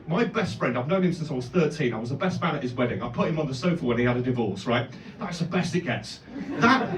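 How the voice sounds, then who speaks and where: High-voiced comedian, echoey club. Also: male voice. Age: 30s. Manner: animated, swearing, bursts into loud exclamations. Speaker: stand-up comedian. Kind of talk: stand-up set. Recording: echoey club heard from a distance. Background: audience laughter.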